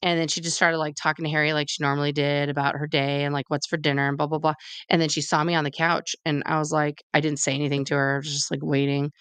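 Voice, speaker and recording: A woman in her forties telling a personal story in casual chat, candid and profane, with animated delivery. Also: low-pitched, quick pace, clear, resonant tone, dry recording.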